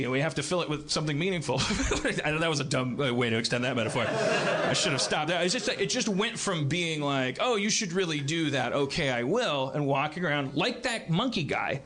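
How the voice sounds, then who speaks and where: A man in his forties hosting a live comedy podcast, rambling through a monologue with frequent restarts and shrill mocking impressions. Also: very noisy. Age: 40s. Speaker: podcast host. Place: live venue stage.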